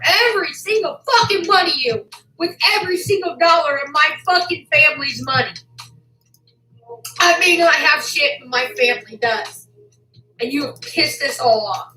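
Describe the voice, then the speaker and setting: A woman on a livestream, furious and profane, who swings between shouting and a low, seething voice. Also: normal speed, roomy sound, soft background music, low-quality recording. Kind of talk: angry livestream rant.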